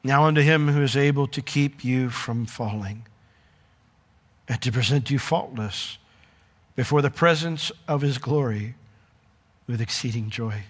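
A man preaching a sermon in a conversational, animated way, with asides to the congregation. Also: mid-range voice, unhurried, pauses often, breathy edge, big-room sound. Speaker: pastor.

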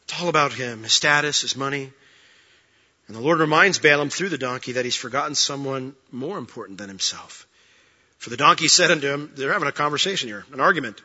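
A man's voice: mid-range voice, lively intonation, a little fast, sharp tone, husky. A male pastor preaching a sermon in a conversational, joking way, acting out quotes from the story. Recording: dull sound with long hall reverb.

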